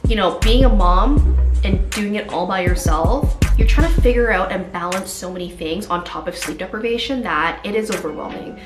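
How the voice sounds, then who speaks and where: A young woman, a new mother, telling her story openly and emotionally, sometimes quoting herself in a higher, strained voice. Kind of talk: candid personal storytelling. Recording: echoey room with music behind.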